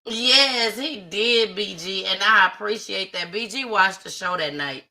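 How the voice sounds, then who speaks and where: A woman's voice: mid-range voice, a little slow, bright, forceful tone, rough recording. A woman hosting a live stream, talking casually and from the heart straight to her viewers. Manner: chatty, heartfelt, addresses viewers directly. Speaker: livestream host. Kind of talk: casual livestream talk.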